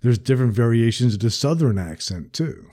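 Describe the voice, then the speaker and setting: A man's voice: medium pitch, brisk. An American man from New Jersey hosting a podcast, talking casually and filling his sentences with "like". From New Jersey, United States. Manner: relaxed, says "like" often. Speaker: podcast host. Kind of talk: casual chat.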